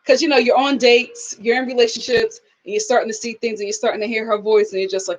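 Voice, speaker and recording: A woman's voice: on the high side, fast talker, few pauses, low-quality recording. A woman hosting a casual live stream, telling stories with animation, acting out quotes and reading viewer comments. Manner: animated storyteller who acts out quotes and laughs often.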